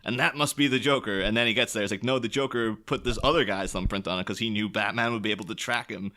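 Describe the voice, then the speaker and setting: Low, forceful man chatting about films. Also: quick pace. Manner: rambling, laughs often, mimics characters. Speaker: podcast co-host. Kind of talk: casual film discussion.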